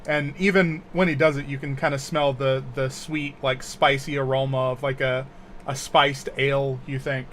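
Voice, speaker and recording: A man narrating a tabletop role-playing game as game master, halting and full of fillers. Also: medium pitch, level tone, a bit bright, a little hiss or hum.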